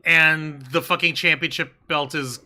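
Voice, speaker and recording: A man's voice: a little high, steady tone, unhurried, pushed and bright. A man co-hosting a wrestling review show in casual chat, rambling and swearing freely. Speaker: podcast co-host.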